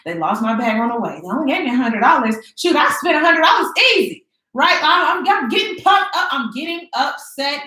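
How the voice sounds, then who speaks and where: A young woman in her twenties telling a casual storytime, animated and dramatic, full of slangy asides. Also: sits high, brisk, few pauses. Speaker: vlogger. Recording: echoey room.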